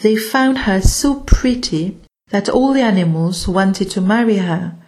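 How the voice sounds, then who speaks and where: A woman narrating a children's story in a gentle, unhurried reading manner. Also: medium pitch.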